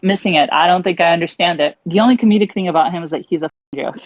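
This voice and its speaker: A woman's voice: lowish voice, rapid-fire, no echo, poor audio. A woman guest on an online call, venting her anger with lots of swearing. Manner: angry, profane venting. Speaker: interview guest.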